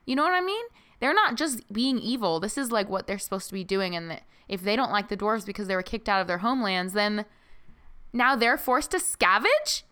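A woman's voice: mid-range voice, expressive, fairly quick, pushed and bright, clear, resonant tone. A young woman chatting casually about a book, wondering aloud and laughing along with friends. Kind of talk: casual book-club chat.

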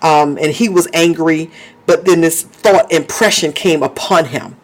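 A man's voice: fairly high pitch, measured pace. A man preaching a sermon in a fervent way, often stopping to praise, speak in tongues and laugh.

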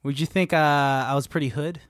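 Playful high-voiced young man. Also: steady tone, quick pace, no room sound, studio quality. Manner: playful, laughs often, mock sales pitch. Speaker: podcast co-host. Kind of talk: casual chat. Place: small room at a table. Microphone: studio mic, camera present.

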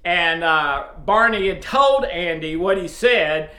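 Loud East Tennessee man, bright voice. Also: high voice, animated, slow. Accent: East Tennessee Southern. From East Tennessee, USA. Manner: loud, speaks up forcefully. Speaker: host of a faith video series. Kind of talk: casual address to viewers. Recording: roomy echo.

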